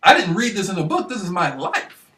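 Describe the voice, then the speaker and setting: A man talks straight to the camera in a rambling, excited monologue, circling back over the same points and asking again and again if you follow. His voice is bright and forceful. He is well away from the mic, in a room with a strong echo. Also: high voice, a little fast, far from the mic. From Michigan, United States. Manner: excited, repetitive, keeps asking "you know what I mean". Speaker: vlogger. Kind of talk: rambling self-recorded monologue.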